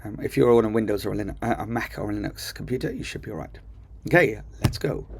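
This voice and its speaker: Fast and gravelly, this coding teacher's lowish, slightly rough voice carries a casual, enthusiastic screen-recorded tutorial. He thinks aloud with plenty of ums, captured on his computer mic.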